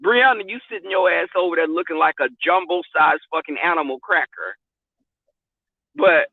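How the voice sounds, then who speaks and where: A man hosting a casual live stream, telling stories in a sassy, profane, animated way from a car. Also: fairly high pitch, normal speed, vocal fry, pauses often, no room sound. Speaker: vlog host. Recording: tinny, phone-like, dry.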